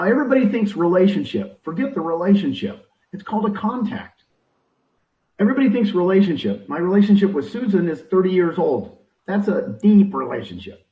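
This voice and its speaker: Man, emphatic, rhetorical questions, lively pitch, distant, dull lo-fi sound. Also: reverberant. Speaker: interviewee, real estate recruiting mentor. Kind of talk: animated advice talk.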